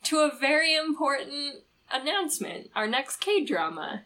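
This is a woman co-hosting a podcast, chatting casually and excitedly with plenty of fillers. A faint hiss of noise sits under her voice. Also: sits high, a little slow. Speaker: podcast co-host.

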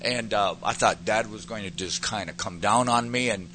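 Earnest, forceful low-voiced man preaching. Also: moderate pace, slight background noise, rough recording. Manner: earnest, rises to emphatic peaks. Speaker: guest giving a testimony. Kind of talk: personal testimony and preaching.

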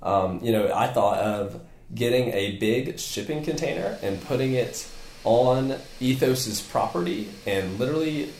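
A man who owns a physical therapy clinic, talking as a guest in a casual podcast interview, energetic and rambling with many fillers and restarts. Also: mid-range voice, measured pace, reverberant, slight background noise.

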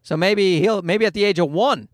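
Man in his forties, high voice, dry close sound, rambling wry comic talk. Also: moderate pace, no echo. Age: 40s. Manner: rambling, wry storytelling with profanity. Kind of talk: casual comedic monologue.

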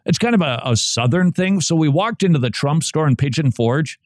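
A man hosting a talk radio show, delivering a jokey, animated monologue and acting out bits of quoted chatter. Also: fairly high pitch, a little fast, few pauses, no room sound, studio quality.

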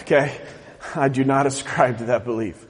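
A man's voice: mid-range voice, fairly even intonation, normal speed, in a large hall. A man from the US West Coast preaching a sermon as pastor, joking and asking the congregation questions. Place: church sanctuary.

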